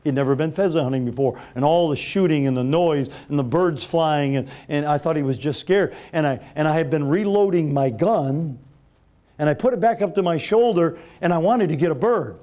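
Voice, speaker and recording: A middle-aged man preaching a sermon, telling a personal story, moving between loud preaching and quiet, hushed retelling. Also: a little high, fairly quick. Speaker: pastor.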